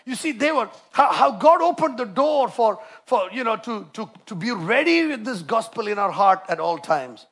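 A man preaches a passionate sermon in a high voice with a rough, gravelly edge. He drives some lines home loudly and drops to a near hush to tell his stories. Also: very animated, moderate pace, hardly any pauses. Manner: impassioned preaching, swinging between loud emphasis and hushed storytelling.

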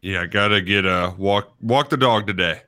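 Young male radio co-host, low-pitched and sharply bright, loose rambling banter. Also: normal speed. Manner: rambling, lots of "like" and "you know". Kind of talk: casual sports radio chat. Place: radio studio. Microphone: studio microphone.

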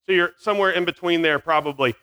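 Man, 40s, high bright voice, camp speaker wandering off on silly tangents for middle schoolers. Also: quick pace, smooth. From Virginia. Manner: scattered, self-mocking, jumps between tangents. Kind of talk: joking talk to middle schoolers. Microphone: headset mic.

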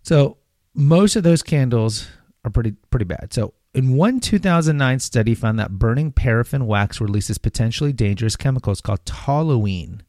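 A man's voice: medium pitch, lively intonation, normal speed, darkish tone, dry recording, clean studio sound. A man hosting a podcast, reading material aloud and breaking off into rambling, sarcastic asides. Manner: rambling, sarcastic asides, reads then riffs. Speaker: podcast host. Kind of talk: casual commentary on health topics.

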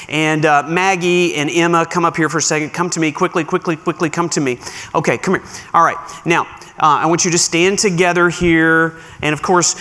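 A male pastor preaching a sermon to his congregation, conversational and animated, slowing down to stress key words. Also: sits high. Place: church sanctuary. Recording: long hall reverb.

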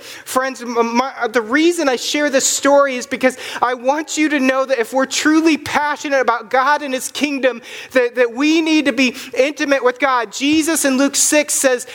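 A man preaching a sermon as pastor, earnest, often repeating words as he presses a point, and dropping low and soft when he tells a personal story. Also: steady tone, normal speed, hardly any pauses.

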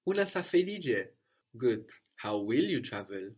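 A man teaching a spoken language lesson at an even, middling pitch. He prompts his learner with questions, then repeats each answer back patiently and encouragingly. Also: measured pace, slightly rough.

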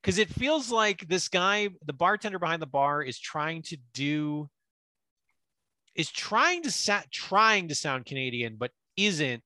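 Young man, podcast co-host, casual film recap, slightly high voice, lively swings in pitch, animated riffing with restarts. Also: unhurried, no echo.

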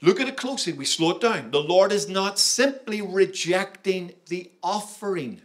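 Emphatic preacher, man, slightly high voice. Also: lively intonation, moderate pace. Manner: emphatic, engaging, asks the audience questions. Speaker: pastor. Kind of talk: sermon.

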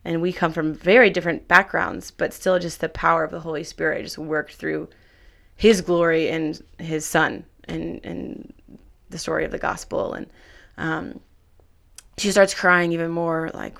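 A woman's voice: low voice, normal speed, creaky. A young woman casually telling a faith story, acting out quoted dialogue with lots of "like". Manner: animated, acts out quoted dialogue, many "like"s.

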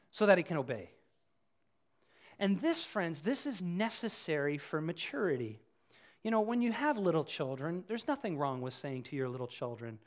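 Male pastor, sermon, high voice, very lively intonation, acts out scenes.

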